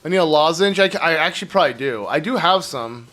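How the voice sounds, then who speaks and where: A man's voice: on the high side, animated, fast talker, a bit bright. Chatty streamer man with a phlegmy throat. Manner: rambling, chatty, talks to chat. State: phlegmy throat, keeps clearing it. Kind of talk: casual live gameplay commentary.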